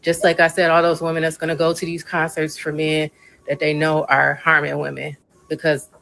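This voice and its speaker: A woman with a low, gravelly voice speaks. She talks on a podcast in a heated, weary rant, casual and passionate. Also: monotone, normal speed, a bit bright, faint music behind, rough recording. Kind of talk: impassioned casual podcast talk.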